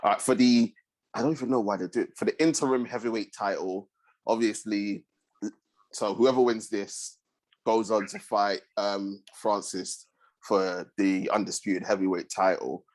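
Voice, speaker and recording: A man hosting a sports podcast, talking in a relaxed way with frequent fillers. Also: fairly low pitch, moderate pace. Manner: relaxed, hesitant with fillers, agreeable. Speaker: podcast host. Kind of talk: casual chat.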